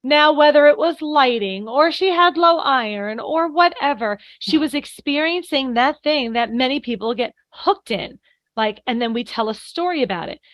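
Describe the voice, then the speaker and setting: A woman's voice: high-pitched, expressive, moderate pace, a bit bright, no echo. A middle-aged woman coaching on anxiety, chatting earnestly on a podcast and telling stories with quoted lines. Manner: earnest, explains with anecdotes and acted-out quotes. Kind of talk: casual podcast conversation.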